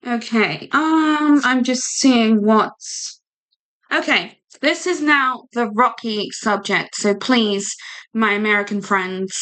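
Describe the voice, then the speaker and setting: This woman from the United Kingdom runs a casual livestream, chatting and rambling in a British English accent with a giggle and many fillers. Her fairly high voice is slow-paced, clean in tone and a bit bright.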